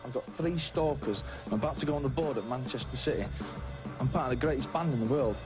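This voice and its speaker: A man's voice: mid-range voice, fast, over music. A man boasting brashly in an archive interview clip.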